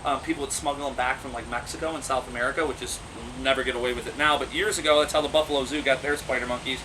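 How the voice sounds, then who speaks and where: A man telling casual stories about his pet monkey, animated, laughing often and acting out the voices of the people he quotes. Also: medium pitch, very fast, recorded from a distance, background noise. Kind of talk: casual storytelling.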